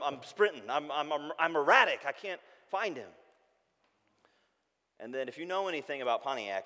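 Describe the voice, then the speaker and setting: A man, preaching a sermon with animated storytelling that turns soft and hushed when he reflects. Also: a little high, long reverb tail. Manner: animated storytelling, shouting when acting out calls. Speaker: pastor.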